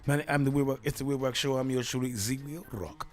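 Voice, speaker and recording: A man's voice: mid-range voice, fairly even intonation, fast talker, hardly any pauses. A male talk show host in a casual solo show, riffing playfully and laughing at his own jokes. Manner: playful, self-amused riffing.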